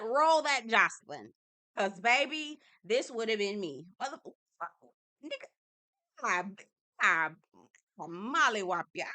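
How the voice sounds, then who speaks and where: Bright, lively woman recapping reality TV. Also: mid-range voice. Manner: animated and expressive, laughing, acting out quotes. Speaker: TV recap host.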